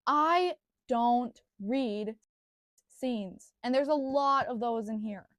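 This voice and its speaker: A woman's voice: fairly high pitch, takes it slowly, dry recording, studio quality. A young woman giving a casual book review, gushing and earnest, often circling back on her words.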